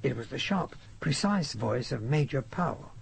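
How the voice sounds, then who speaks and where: A man reading a first-person adventure novel aloud in a measured, descriptive way. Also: mid-range voice, lively intonation, vocal fry, a little hiss or hum. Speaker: audiobook narrator. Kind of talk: first-person audiobook narration.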